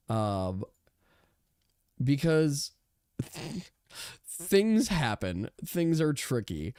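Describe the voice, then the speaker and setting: A man's voice: mid-range voice, sing-song, extremely slow, long pauses, a little mellow, clean tone, dry recording, clean studio sound. Rambling man streaming a game. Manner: rambling, self-mocking, talks to himself while playing. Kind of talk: casual gaming stream chat.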